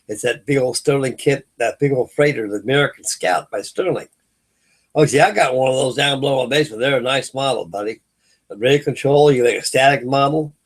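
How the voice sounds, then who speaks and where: With a medium-pitched voice, a middle-aged Californian hosts a late-night hangout stream. He keeps the talk casual, drifting through long stories full of filler words and restarts.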